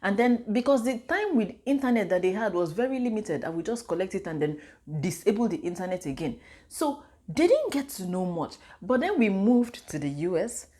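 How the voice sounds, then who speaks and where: A woman's voice: mid-range voice, normal speed. Chatty Nigerian mother vlogging. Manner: chatty, animated storytelling with pidgin and Igbo asides. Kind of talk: casual advice vlog.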